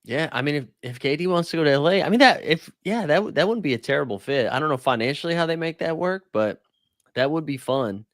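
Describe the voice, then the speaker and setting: Lively man in casual sports chat. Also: on the high side, quick pace, no room sound, clean studio sound. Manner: animated, laughs often, jokey asides. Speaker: podcast co-host.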